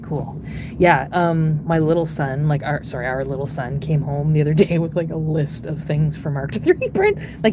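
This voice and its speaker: A woman vlogger chatting casually and excitably, cooing in baby talk to her pets, with a sore back. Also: on the low side, background noise. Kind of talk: casual chat.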